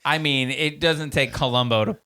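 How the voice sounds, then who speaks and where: A man co-hosting a casual podcast, tossing in quick joking asides about a movie. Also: fairly high pitch, fairly even intonation, bright, forceful tone, smooth, dry recording, clean studio sound. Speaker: podcast co-host. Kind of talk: casual chat.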